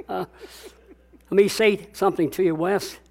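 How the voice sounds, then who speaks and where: A man's voice: high voice, slow, vocal fry. An older man preaching a sermon as pastor, emphatic and repetitive, calling out to his congregation.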